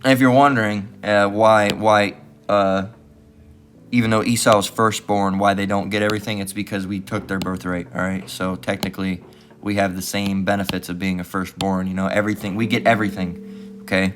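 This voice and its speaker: A man's voice: lowish voice, flat delivery, normal speed, over music. A man preaching scripture in a combative, profane tone, repeatedly asking "all right?" and "guess what". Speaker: street-style preacher.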